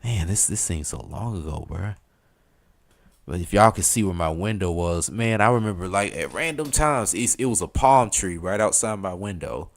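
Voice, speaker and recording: A man's voice: low voice, lively intonation, moderate pace. A man in his thirties with a thick Southern US accent, rambling casually to his live-stream chat, full of slang and fillers.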